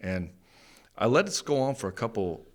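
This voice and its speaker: A middle-aged man, a podcast guest, candidly telling a personal story in a blunt, profane way that gets animated when he relives his anger. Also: lowish voice, normal speed.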